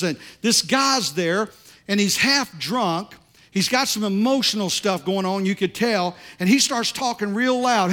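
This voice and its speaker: High-voiced animated male pastor. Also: normal speed. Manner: animated, loud, conversational. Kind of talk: sermon with storytelling. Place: church.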